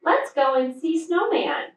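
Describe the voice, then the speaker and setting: A woman's voice: high-pitched, a little slow, pitched above the performer's own voice. A woman voicing a cheerful young male bear cub who exclaims a lot, in a storybook read-aloud. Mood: excited. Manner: excited, exclaiming. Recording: echoey room from far off.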